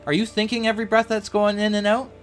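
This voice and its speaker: Playful, animated man teaching scripture. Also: quick pace, soft background music. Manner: playful, animated, jokey asides and sudden pitch jumps. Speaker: livestream host teaching the Bible. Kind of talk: casual devotional teaching on a livestream.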